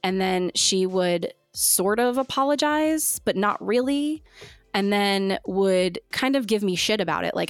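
A woman telling her own story in casual conversation, candid and animated, now and then slipping into the voices of the people she quotes. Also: medium pitch, unhurried, dry recording. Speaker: guest sharing her story.

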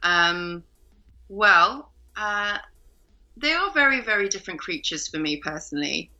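A woman talks casually as an interview guest, rambling through fillers and restarts. Her voice sits a little low but sounds bright and forceful. The audio is dull and muffled, like a home call. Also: a little slow. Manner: chatty, many fillers and restarts, bright lively laugh.

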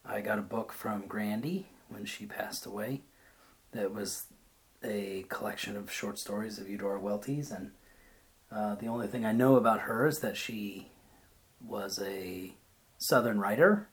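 Brief: a lower-voiced man reading a short story aloud, then reflecting on it in a thoughtful way. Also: a little slow. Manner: thoughtful, searching for words. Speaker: reader.

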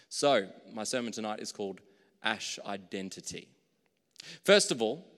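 Pastor preaching in a reverberant hall. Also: male voice, on the low side. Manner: conversational, jokes at his own slips. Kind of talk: sermon.

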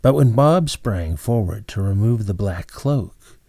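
A man narrating an old tale in a measured, dramatic way. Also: on the low side, lively intonation, creaky, mellow, no room sound, studio quality. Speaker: storyteller. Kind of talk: scripted narration.

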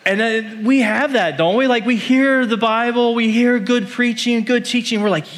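A male pastor preaching a sermon in an animated, conversational way, acting out the voices he quotes. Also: very high-pitched, normal speed, hardly any pauses, slight background noise.

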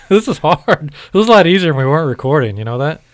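A man's voice: a little high, dry recording. Guy cohosting a podcast, laughs a lot, swears, joking around. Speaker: podcast co-host. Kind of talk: casual podcast banter.

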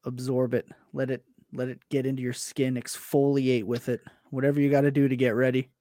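A man chatting on a podcast as a guest, animated and self-deprecating, often stumbling and restarting his words. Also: mid-range voice, brisk, no room sound, clean studio sound. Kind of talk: casual chat.

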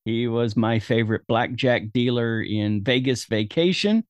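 A man's voice: medium pitch, a little slow, dry recording. Dry-voiced man hosting a movie chat. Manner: summarizing, wry, laughs easily. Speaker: podcast host. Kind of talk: casual film review chat.

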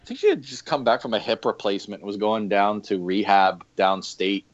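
A male podcast guest with a lowish voice talks a little fast with lively intonation, telling easygoing stories with frequent fillers in casual interview chat. The audio is dull and lo-fi.

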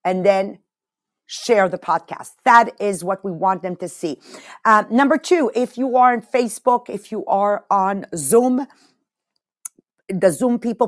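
A woman with a French Canadian accent hosting a motivational podcast, talking in an animated, emphatic way and repeating words for effect. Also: mid-range voice. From Quebec. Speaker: podcast host. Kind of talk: casual motivational talk.

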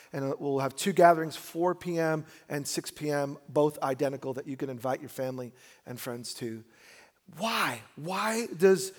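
A man preaching a sermon in a church, talking conversationally and building to emphatic peaks. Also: fairly high pitch. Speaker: pastor. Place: church sanctuary.

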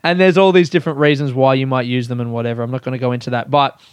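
A man's voice: medium pitch, steady tone, very fast, clean tone, no room sound. A young man, hosting his own podcast in loose, rambling chat, swearing and laughing at himself as he goes. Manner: rambling, swears, laughs often, self-mocking. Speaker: podcast host. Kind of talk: casual solo podcast chat.

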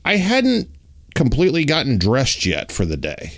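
A man telling a personal story in casual chat, acting out the dialogue and talking with lots of fillers. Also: moderate pace. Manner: animated, acts out dialogue with raised pitch; uses many fillers like "like" and "you know".

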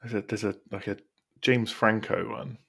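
A gravelly low man chatting. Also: fairly even intonation, normal speed, fairly bright tone. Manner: chatty, laughs at own ideas. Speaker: podcast co-host. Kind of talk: casual chat.

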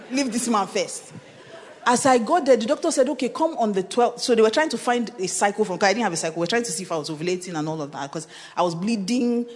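A Nigerian-accented woman pastor preaches a sermon rich with personal testimony, telling her story animatedly with laughter, snatches of pidgin, and bursts of shouting. Her voice is mid-range, recorded in a reverberant conference hall.

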